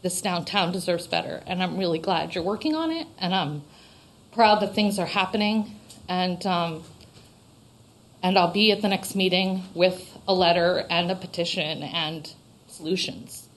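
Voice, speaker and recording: A woman's voice: lowish voice, moderate pace, low-quality recording. A woman from Vermont, a local shop owner, giving an earnest, emotional public comment into a microphone in a town meeting room.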